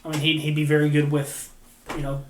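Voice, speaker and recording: A man co-hosting a casual hockey podcast, talking animatedly and breaking into laughter and loud gruff impressions. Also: fairly high pitch, completely flat delivery, fairly quick, echoey room, a little hiss or hum. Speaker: podcast co-host.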